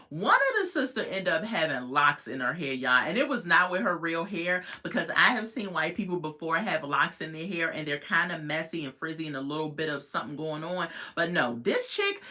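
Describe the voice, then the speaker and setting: A woman chatting casually as she recaps a reality TV episode, slangy and animated, laughing often. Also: sits low. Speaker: TV show reviewer.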